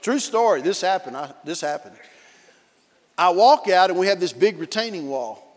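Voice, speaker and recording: A man preaching a sermon as pastor, telling a lively story with barking dog imitations. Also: high-pitched, moderate pace. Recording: long reverb of a large hall.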